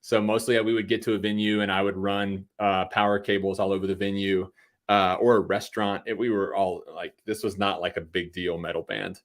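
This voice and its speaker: Guy in his 30s, kinda low voice, rambly and jokey podcast guest. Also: flat delivery, fairly quick. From Virginia, USA. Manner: joking, self-deprecating, rambling with fillers. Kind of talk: casual interview chat.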